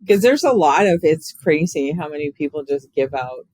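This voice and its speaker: Male host, higher register, animated casual storyteller, dry studio sound. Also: moderate pace, no room sound, low-quality recording. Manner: animated storyteller, acts out quoted voices. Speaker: podcast host. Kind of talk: casual interview chat.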